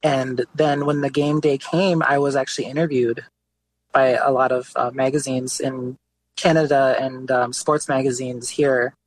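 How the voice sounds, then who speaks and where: Relaxed man telling a story. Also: mid-range voice, a little slow, slight background noise, low-quality recording. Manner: relaxed storytelling with frequent "like" and "you know" fillers. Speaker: guest artist. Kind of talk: casual conversational interview.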